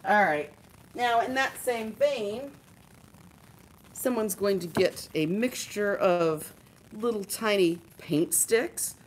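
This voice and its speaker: A woman's voice: mid-range voice, slow, a little hiss or hum. A woman hosting a live art supply show, chatting and showing off products with enthusiasm while joking with her co-hosts. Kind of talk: casual live-stream product showcase.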